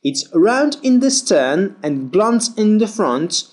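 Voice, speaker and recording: Working through pronunciation drills, a teacher speaks with slow, careful over-articulation so each sound gets its full shape. His voice is fairly high and darkish, with a sing-song lilt that swings up and down constantly.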